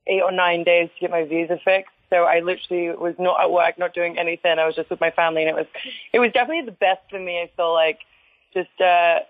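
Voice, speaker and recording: An English woman, a retired wrestler, telling stories in a casual interview, chatty, full of "like" fillers and quick laughs. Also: on the low side, fairly even intonation, dry recording. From England. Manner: chatty storyteller with constant "like" fillers and frequent laughs. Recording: tinny phone-like line, dry.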